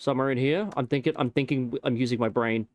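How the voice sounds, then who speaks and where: A man's voice: mid-range voice, fairly even intonation, fast, darkish tone, no room sound. A young man casually rambling and joking while he streams a game, with some swearing. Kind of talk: casual gameplay commentary.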